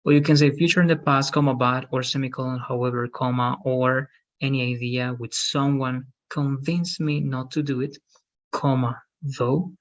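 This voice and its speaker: A man's voice: mid-range voice, fairly even intonation, normal speed, lo-fi sound. A male English teacher explaining grammar step by step in an online class.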